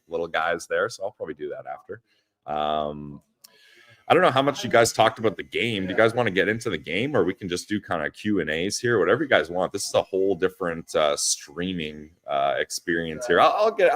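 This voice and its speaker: A man's voice: low voice, fairly bright tone. A young man co-hosting a casual live-streamed podcast from a friend's parents' house, laughing often and reading chat comments aloud. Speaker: podcast co-host.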